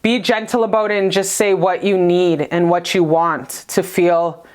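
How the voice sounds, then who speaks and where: A woman's voice: fairly low pitch, steady tone, measured pace. A woman doing a casual tarot reading for her viewers, chatty and blunt, swearing freely and calling them "you guys". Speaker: tarot reader.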